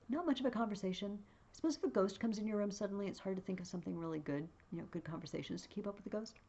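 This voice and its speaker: Woman teacher reading a play aloud and explaining it in a relaxed way, creaky voice, muffled recording. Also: medium pitch, racing. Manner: reads the lines aloud with feeling, then explains them casually.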